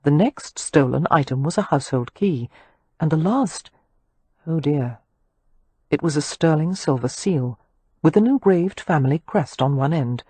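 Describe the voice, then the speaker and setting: Woman, audiobook narration, expressive, lively pitch, dry close recording. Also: measured pace, slightly rough, dry recording. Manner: expressive storytelling. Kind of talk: scripted narration.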